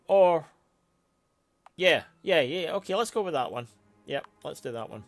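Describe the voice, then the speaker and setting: Guy with a gravelly voice reading through a story game, umming, faint music behind. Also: a little high, expressive, measured pace, pauses often. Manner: musing, hesitant. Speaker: player.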